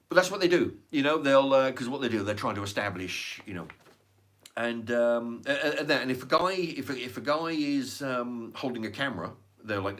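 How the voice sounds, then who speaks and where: A man's voice: mid-range voice, lively intonation, fairly quick, a bit bright. Rambling, swearing English man. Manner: rambling, swears a lot, many restarts and fillers. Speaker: channel host. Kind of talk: casual ranting monologue.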